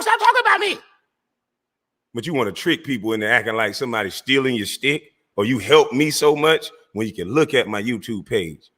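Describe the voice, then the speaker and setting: A man's voice: medium pitch, fairly bright tone. Man ranting at a rival, echoing room. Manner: heated, mocking, addresses rival directly. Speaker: livestream host. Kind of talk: confrontational call-out rant.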